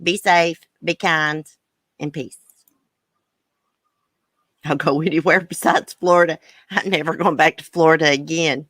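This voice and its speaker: A woman's voice: low-pitched, fairly even intonation, a little slow, pauses often, fairly bright tone, no room sound. An older woman with a thick Southern country accent, chatting casually on a livestream and reading viewer comments aloud. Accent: American Southern. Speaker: livestream host.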